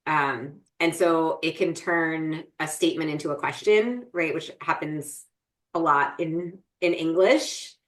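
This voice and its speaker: Low-voiced woman co-host explaining things. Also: unhurried. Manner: explains things thoughtfully, often adds "right?". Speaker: podcast co-host. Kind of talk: casual podcast chat.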